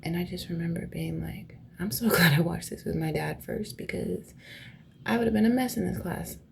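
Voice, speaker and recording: A woman's voice: fairly low pitch, steady tone, normal speed, gravelly, a little hiss or hum. A young woman host telling personal stories in a casual, blunt, profane way, often dropping to a near whisper. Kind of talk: casual storytelling chat.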